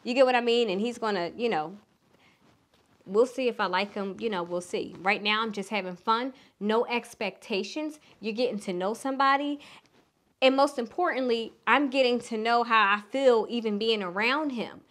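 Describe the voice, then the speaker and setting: A woman's voice: fairly high pitch, moderate pace, a bit bright. A middle-aged woman from Philadelphia with a Southern twang, giving frank relationship advice in a casual vlog and swearing freely. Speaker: relationship coach.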